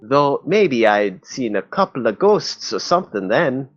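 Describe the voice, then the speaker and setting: A man's voice: medium pitch, sing-song, measured pace, dull audio, faint music behind. A man voicing a chatty, boastful fisherman in a wobbly put-on Boston accent that drifts British, in amateur game voice acting. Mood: storytelling. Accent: put-on Boston-ish accent drifting British. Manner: rambling, folksy storytelling. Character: chatty middle-aged male fisherman, boastful.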